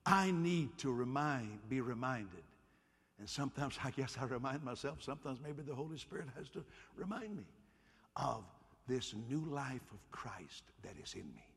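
A man preaching a sermon as a pastor in a church, animated and playful, often calling on the congregation to answer him. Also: medium pitch, normal speed, vocal fry, breathy edge, long reverb tail. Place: church hall.

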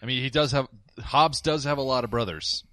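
A man's voice: mid-range voice, a little fast, a bit bright, no room sound. A man co-hosting a podcast in a casual movie-recap chat, asking pointed questions in a wry way. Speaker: podcast co-host.

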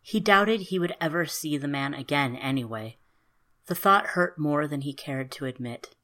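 A woman calmly narrating a fairy tale in an even storybook manner. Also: sits low, normal speed.

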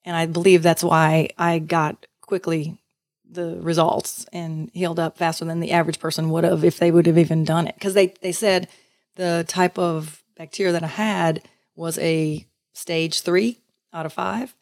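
A woman guest in a casual interview, telling her story in a lively way, acting out other voices and laughing often. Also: fairly low pitch, normal speed, dry recording, clean studio sound.

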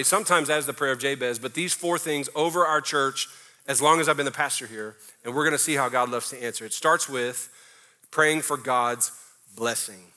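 A man's voice: mid-range voice, pushed and bright. A middle-aged man preaching a sermon as pastor, emphatic and conversational, breaking into mocking little prayer impressions.

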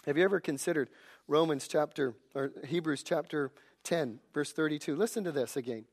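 Earnest, higher-voiced male pastor preaching. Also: brisk. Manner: earnest, emphatic, with self-deprecating humor. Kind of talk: sermon.

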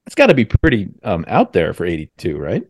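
A man with a fairly low voice hosts a casual podcast, rambling in long chatty runs and stopping to correct himself. His voice is recorded dry and close, with little room sound. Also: huge pitch swings, fairly quick, husky, dry recording. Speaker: podcast host. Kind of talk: casual chat over a video call. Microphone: video call.

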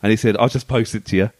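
A man's voice: mid-range voice, slightly rough. A man with a chatty, laughing manner, telling stories as a podcast co-host. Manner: chatty storytelling, quick and laughing. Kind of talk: casual chat.

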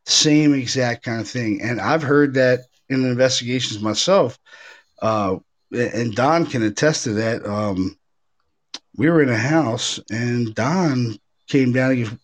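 A man hosting a casual talk show, a paranormal investigator telling stories in an animated way, full of fillers and restarts. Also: mid-range voice, normal speed. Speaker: podcast host, paranormal investigator. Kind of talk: casual chat.

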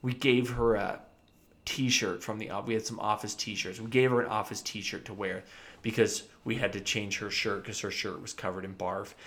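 A dentist telling a funny story from his practice in a casual chat, animated and often laughing. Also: fairly low pitch, normal speed. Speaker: podcast co-host.

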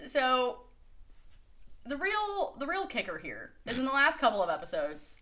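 A woman's voice: high voice, wildly swooping pitch, a little slow, pushed and bright. A woman co-hosting a casual podcast, chatting loosely with many fillers and frequent laughter. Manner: laughs often, heavy use of "like", swears casually. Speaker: podcast co-host. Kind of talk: casual chat.

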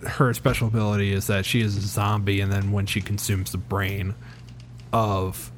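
A man's voice: lowish voice, flat delivery, moderate pace, slight background noise. Rambling man in casual chat. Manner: rambling, loses his thread. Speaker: podcast co-host. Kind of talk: casual chat about TV shows.

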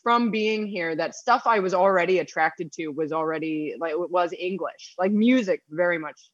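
A woman chatting as an interview guest, self-deprecating and full of halting restarts. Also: fairly low pitch, no room sound, muffled recording. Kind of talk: casual interview chat.

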